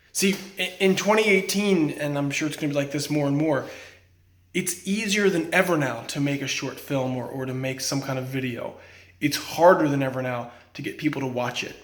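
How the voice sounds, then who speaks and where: A man's voice: mid-range voice, reverberant. A young man, an actor, talking casually to camera and giving a friend earnest, frank advice.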